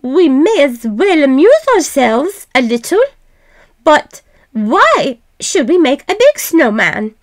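A woman doing a fond old peasant wife, high and eager. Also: sing-song, slow pace, heavily acted. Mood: warm.

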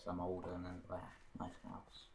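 A man's voice: sits low, completely flat delivery, brisk, creaky, background noise. A man chatting casually while playing a game, easily startled and shrieking at monsters. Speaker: gamer co-host. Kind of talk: casual let's-play chat.

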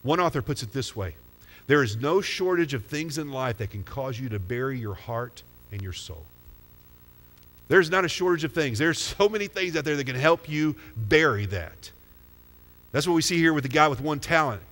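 A man's voice: mid-range voice, expressive, moderate pace, fairly bright tone. A man preaching a sermon as pastor, talking conversationally and putting questions to the congregation. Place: church sanctuary. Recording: long hall reverb.

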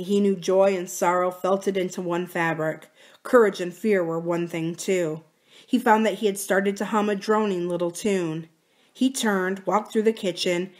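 A woman, a library book reader, narrating a novel aloud calmly and steadily. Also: fairly low pitch.

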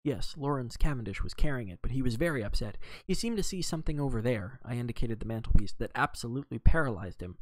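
A man reading a novel aloud on a live stream in an expressive way, with occasional slips and self-corrections. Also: mid-range voice, fast talker, few pauses, a little hiss or hum, poor audio. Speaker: reader.

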